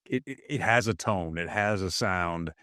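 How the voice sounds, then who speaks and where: A man's voice: low voice, moderate pace, sharp tone, no echo, clean studio sound. A man co-hosting a podcast in casual comedic chat. He is blunt, sarcastic and swears a lot. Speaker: podcast co-host.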